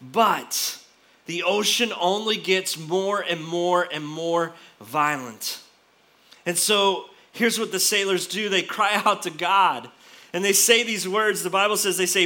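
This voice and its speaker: A man preaching from the pulpit in a high, piercingly bright voice. He tells the story in an animated way, often stumbling and restarting his phrases. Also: slow pace. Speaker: pastor. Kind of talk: sermon.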